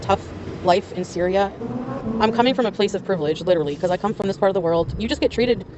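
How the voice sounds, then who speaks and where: A woman's voice: medium pitch, quick pace, lo-fi sound. Rambling woman with street noise behind. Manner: rambling, filler-heavy chatter. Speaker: livestreamer. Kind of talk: casual livestream chat.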